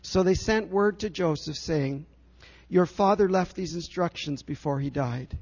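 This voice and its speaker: A man preaching a sermon as pastor, earnest and emphatic, slowing down to stress key phrases. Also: fairly high pitch, a little mellow, breathy edge, highs cut off.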